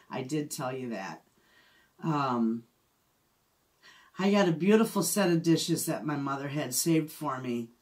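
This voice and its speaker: A middle-aged Michigan woman who runs a homestead vlog chats casually, telling a story and laughing frequently. Her voice sits low with a slightly bright quality.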